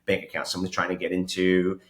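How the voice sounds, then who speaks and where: A man telling stories in a casual podcast chat, animated, laughing and swearing often. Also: low-pitched, fast, roomy sound. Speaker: podcast host.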